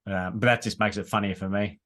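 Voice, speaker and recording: A man's voice: on the low side, steady tone, a little fast, fairly bright tone. A man in his thirties with an Australian accent, answering casually as a guest with hesitant phrasing and many fillers. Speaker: guest, landscaper. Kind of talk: casual podcast chat.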